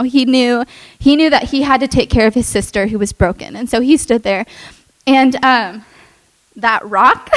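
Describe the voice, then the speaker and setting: A young adult woman telling a personal testimony in an earnest, emotional way, with many fillers and soft laughs. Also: high voice, dry recording, rough recording. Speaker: speaker sharing a testimony.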